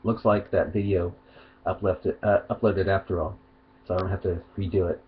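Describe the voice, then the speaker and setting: A man's voice: deep voice, fairly even intonation, moderate pace, breathy edge, phone-quality sound. A man giving a rambling, argumentative vlog monologue, partly reading aloud, with many restarts. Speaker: video commentator.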